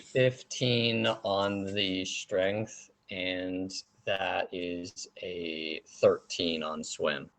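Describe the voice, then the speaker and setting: Male player, deep gravelly voice, very slow and laid-back. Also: steady tone, a bit bright. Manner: laid-back, reading out dice rolls. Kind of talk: casual tabletop play.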